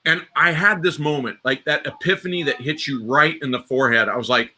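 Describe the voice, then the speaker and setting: Animated man telling rambling army stories. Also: medium pitch, a little fast, few pauses, breathy edge. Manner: rambling, animated war stories with sudden loud outbursts. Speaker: host. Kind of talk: live stream storytelling.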